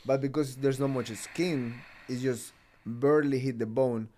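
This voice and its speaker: A man hosts a podcast in a mid-pitched voice. He tells stories in a loose, rambling way, stacking up fillers and restarts. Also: fairly even intonation, measured pace, warm tone, slight background noise. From Ecuador. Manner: rambling storytelling with many fillers, laughs often. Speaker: podcast host. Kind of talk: casual chat.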